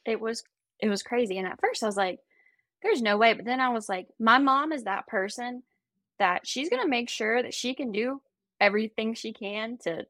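Woman with a bright, higher voice. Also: moderate pace, no room sound. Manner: brief, affirming replies. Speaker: sitter at a reading. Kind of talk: casual chat.

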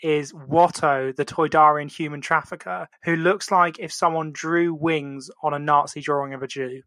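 A man's voice: a little high, fairly even intonation, moderate pace, fairly bright tone, no echo. A man co-hosting a casual podcast, rambling and joking with lots of fillers. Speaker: podcast co-host.

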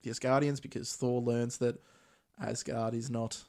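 A man's voice: mid-range voice, moderate pace, creaky. Chatty man recapping a movie. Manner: recaps plot in a relaxed, chatty way with Australian slang. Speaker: podcast host. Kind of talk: casual movie recap chat.

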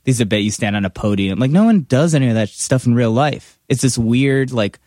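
A man's voice: mid-range voice, brisk, a little mellow, no room sound, studio quality. Rambling, self-deprecating podcast man. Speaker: podcast co-host. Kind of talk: casual podcast chat.

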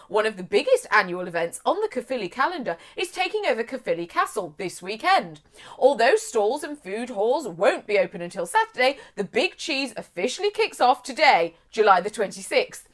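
Lively high-voiced woman co-host. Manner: lively, gushing reactions. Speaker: podcast co-host. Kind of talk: casual chat and reading news aloud.

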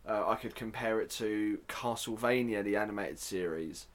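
A man's voice: fairly low pitch, moderate pace. A man hosting a casual solo podcast, chatty and self-deprecating, with joking asides. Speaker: podcast host.

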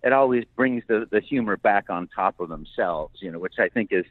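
A man's voice: on the low side, brisk, dry recording. An older man, a voice actor guest, chatting enthusiastically and laughing often in an interview, heard over a tinny phone line. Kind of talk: casual interview chat.

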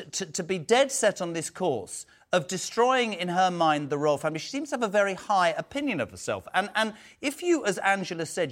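A man hosting a TV debate, asking pointed questions in an emphatic, animated way. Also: high-pitched. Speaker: stand-in talk show host.

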